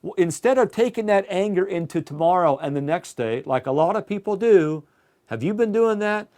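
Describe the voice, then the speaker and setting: A man's voice: high voice, expressive, moderate pace, a little mellow. A man preaching a sermon in a conversational way, asking his listeners direct questions.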